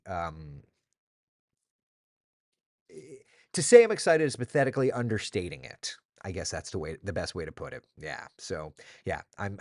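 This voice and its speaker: A man's voice: lowish voice, no room sound, studio quality. A man in his thirties hosting a casual morning chat, rambling and joking with lots of restarts. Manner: rambling, restarts a lot, jokey. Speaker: TV meteorologist host. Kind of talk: casual live-stream chat.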